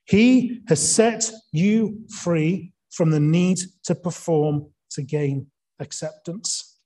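A man's voice: on the high side, takes it slowly, mellow. A man preaching an evening sermon, earnest, asking rhetorical questions and leaning hard on key words.

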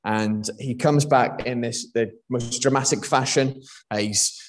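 A man's voice: mid-range voice, unhurried. A young man from Wales preaching a sermon in a conversational way, with frequent fillers and restarts.

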